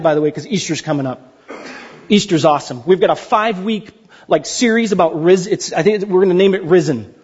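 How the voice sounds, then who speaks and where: Man preaching in a loose, humorous style; high and husky voice, dull recording. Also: darkish tone. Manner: conversational, jokey preaching with playful acted quotes. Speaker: pastor. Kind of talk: sermon.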